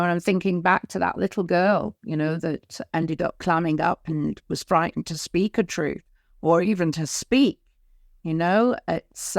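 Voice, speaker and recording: A woman's voice: medium pitch, creaky, no echo, studio quality. A woman co-hosting a spiritual wellness podcast, a nurse by work, speaking earnestly and reflectively in unscripted chat. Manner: earnest, reflective, many fillers.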